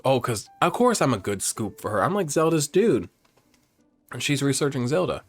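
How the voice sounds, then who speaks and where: A man hosting a let's play, campy and chatty, who swears freely as he jokes along. His pitch is very animated, and faint game music runs underneath. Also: moderate pace. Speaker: gamer, host.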